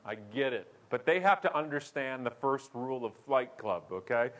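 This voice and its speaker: A man's voice: mid-range voice, normal speed. A man giving a keynote talk as a speaker and show host, telling a funny story and acting out the voices of the people in it. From Canada. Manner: animated, acts out voices with big swings.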